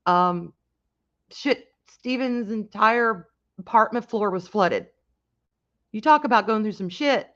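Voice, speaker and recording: A woman hosting a casual livestream, talking in a halting, emotional way with many restarts and reading out chat comments. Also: mid-range voice, fairly bright tone, lo-fi sound. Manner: reads and answers chat comments. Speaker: livestream host.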